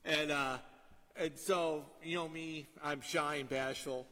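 A middle-aged man preaching a sermon in a conversational way, often asking "right?" and dropping to a quiet storytelling tone. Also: on the high side, steady tone, takes it slowly, long reverb tail. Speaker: pastor.

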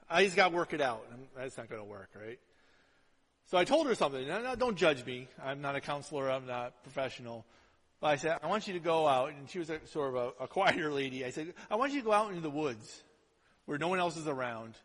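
A male pastor preaching a sermon in a conversational way, dropping to hushed asides and rising to loud emphatic lines. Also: on the high side. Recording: long hall reverb.

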